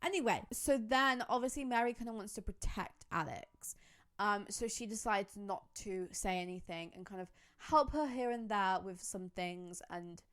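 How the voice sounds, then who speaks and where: Young woman, casual fan commentary, chatty, rambling, enthusiastic. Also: mid-range voice. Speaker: YouTuber.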